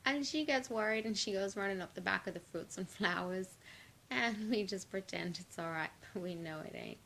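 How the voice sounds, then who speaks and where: A woman telling an improvised story in an animated, playful way, with laughing asides. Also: fairly low pitch, vocal fry, slight background noise.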